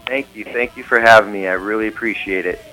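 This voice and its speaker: A man appearing as an author guest on a radio show, answering in a calm, plain-spoken way. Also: lowish voice, quick pace, soft background music, poor audio.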